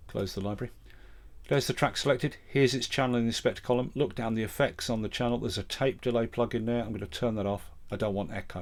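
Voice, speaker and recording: Midlands man walking through a music tutorial. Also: medium pitch. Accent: English Midlands. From English Midlands. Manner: step-by-step, matter-of-fact talk-through. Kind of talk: screen-recorded software tutorial. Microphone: vocal mic set up close and loud.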